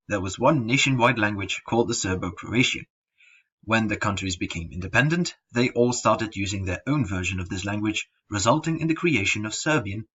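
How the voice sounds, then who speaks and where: A young man reads a slideshow presentation aloud in a low, husky voice. He keeps a steady scripted pace and trips over a word now and then. The recording is dull and lo-fi, as if made at home. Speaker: student presenter.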